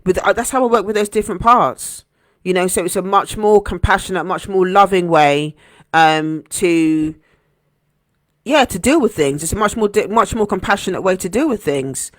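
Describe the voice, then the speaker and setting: A woman hosting a heartfelt motivational live stream as a coach, earnest and gentle, repeating phrases for emphasis. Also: mid-range voice, moderate pace, no echo, studio quality. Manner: gentle, encouraging.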